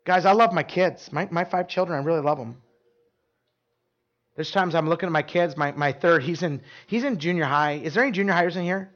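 High-voiced preacher, chatty and direct. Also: male voice, a little fast, a bit bright, lo-fi sound. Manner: conversational, repeats words and asks the room questions. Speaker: pastor. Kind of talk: sermon.

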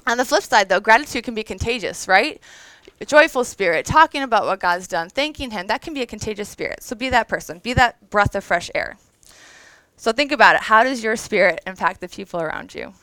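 A woman's voice: medium pitch, expressive, a little fast, bright, forceful tone, no echo, low-quality recording. A woman in her thirties giving a conversational, earnest devotional talk to an audience, emotional at times. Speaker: women's event speaker.

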